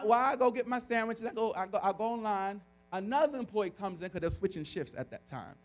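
A male pastor preaching a sermon, telling a story in an animated, chatty way with frequent restarts and laughter. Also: high voice, fast, hardly any pauses.

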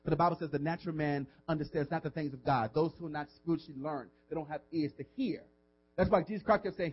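A pastor preaching a sermon, swinging from loud emphasis down to a hushed whisper, informal and repeating words as he asks the congregation questions. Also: a little high, quick pace, slightly rough, dull audio.

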